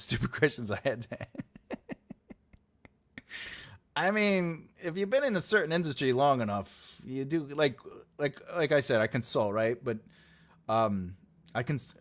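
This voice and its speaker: A man's voice: medium pitch, fairly bright tone. A man hosting a casual livestream, rambling and laughing as he chats and tells jokes. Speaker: livestream host.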